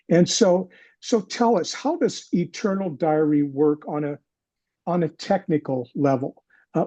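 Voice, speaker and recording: An older man with a warm, husky voice hosts a casual interview, thinking aloud before asking questions. The recording is dry and dull, with a lo-fi band. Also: a little high, no room sound. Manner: reflective, then questioning. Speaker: podcast host.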